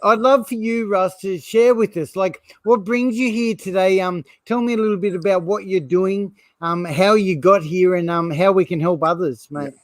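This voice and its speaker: A man hosts a live online interview, friendly and encouraging toward his guest. His voice sits a little high for a man. The sound is dry and close. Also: fairly even intonation, moderate pace, few pauses, no echo. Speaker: host.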